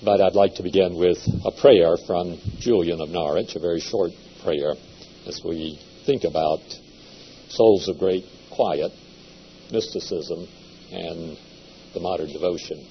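A man giving a seminary lecture in a measured, deliberate way, with occasional hesitations. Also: low voice. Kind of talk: classroom lecture. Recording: dull lo-fi lecture recording with faint hum.

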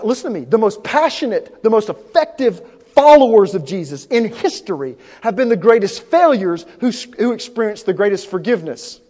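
A pastor preaching an impassioned sermon, swinging from hushed, intimate passages to loud, urgent peaks. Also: male voice, high voice. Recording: long hall reverb.

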